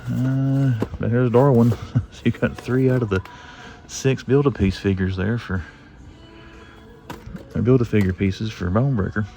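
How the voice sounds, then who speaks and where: Gravelly, mellow-voiced man browsing toys. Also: mid-range voice, fairly even intonation, a little slow, pauses often, soft background music. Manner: chatty, rambling, lists finds aloud as he browses. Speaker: toy collector vlogger. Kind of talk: casual toy-hunting commentary. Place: inside a retail store.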